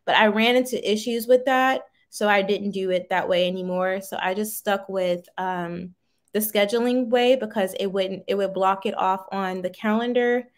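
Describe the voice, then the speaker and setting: Talking at a moderate pace in a medium-pitched voice, a small business owner in her thirties chats on her livestream. She replies to viewer comments in a homey, talkative manner.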